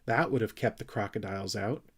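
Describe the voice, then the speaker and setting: A man's voice: lowish voice, a little fast, creaky, slightly rough. A man voicing a sweet, dreamy young girl creature in a storybook reading.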